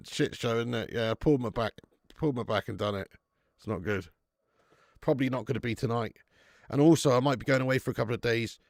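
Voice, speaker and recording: Gravelly man hosting a watch-along. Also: medium pitch, dry recording, studio quality. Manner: chatty and rambling, swears freely. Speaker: host of a fan football watch-along stream. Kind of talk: casual live-stream chat, reading out viewer comments.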